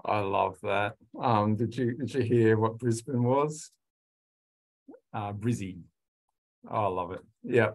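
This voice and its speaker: Slow, relaxed man presenting. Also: fairly low pitch. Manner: slow, relaxed, many "um"s and restarts. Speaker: student services presenter. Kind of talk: informal lecture to international students.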